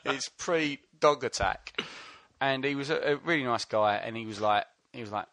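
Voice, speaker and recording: A man with a mid-pitched, bright, punchy voice, telling an anecdote in a rambling, sweary way. The mic is close and the room is dry. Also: moderate pace, dry recording. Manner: swearing, rambling, laughs at own jokes. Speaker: podcast co-host. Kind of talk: casual storytelling.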